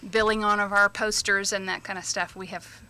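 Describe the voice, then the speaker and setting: A woman guest on a radio show reading out a list in a steady, matter-of-fact way. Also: mid-range voice, fairly quick, smooth.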